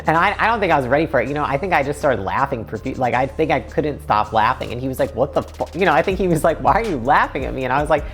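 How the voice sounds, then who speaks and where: A woman's voice: very deep voice, expressive, fast talker, hardly any pauses, soft background music. A woman in her twenties telling her own story in a casual, conversational way, full of "like" fillers and acted-out quotes. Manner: conversational, frequent "like" fillers, acts out quoted lines.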